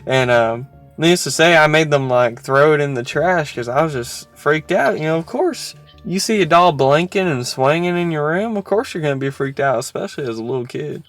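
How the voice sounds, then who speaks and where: A man's voice: fairly high pitch, expressive, fairly quick, few pauses, fairly bright tone, soft background music. A man hosting a casual podcast, chatting with a friend and telling stories with lots of laughter. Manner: chatty, laughs often, theatrical storytelling. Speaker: podcast host. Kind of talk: casual chat and storytelling.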